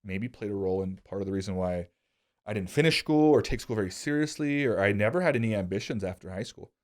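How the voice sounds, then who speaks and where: A man speaks in a casual podcast conversation at a brisk clip. His voice sits a little low, and he tells stories from his own past in an earnest, reflective way. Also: lively intonation, darkish tone.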